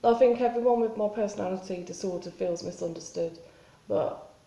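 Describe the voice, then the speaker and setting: Woman, vlogger, mellow low-toned voice, unscripted confessional, halting, rambling, echoey room. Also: creaky, highs cut off. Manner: halting, rambling, many restarts. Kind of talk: spontaneous confessional vlog.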